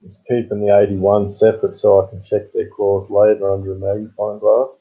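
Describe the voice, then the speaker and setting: A man's voice: lowish voice, monotone, fairly quick, slightly rough. Chatty Australian man, tinny phone-like sound. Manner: chatty, joking matey banter. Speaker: coin hunting channel host. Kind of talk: casual live-stream chat with viewers.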